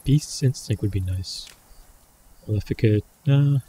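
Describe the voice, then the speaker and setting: Low, mellow male gamer thinking aloud over his run, with a faint hiss in the recording. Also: measured pace. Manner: musing, talks himself through choices. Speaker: gameplay commentator. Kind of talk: casual gameplay commentary.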